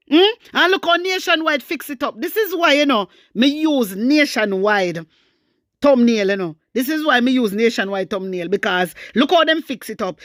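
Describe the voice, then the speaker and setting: A woman with a Jamaican accent giving scornful, animated political commentary, mixing patois with English. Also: sits high, moderate pace, dry recording, studio quality. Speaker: commentary vlogger.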